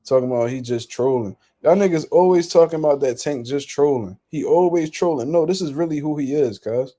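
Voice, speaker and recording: A man's voice: on the high side, brisk, mellow. A man hosting casual boxing reaction commentary, ranting in a blunt, profane, incredulous way.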